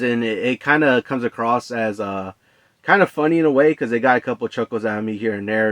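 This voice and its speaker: A man with a fairly low voice gives a relaxed, unscripted movie review. He rambles, with plenty of fillers and restarts. The sound is close and dry, with no room echo. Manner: relaxed, conversational.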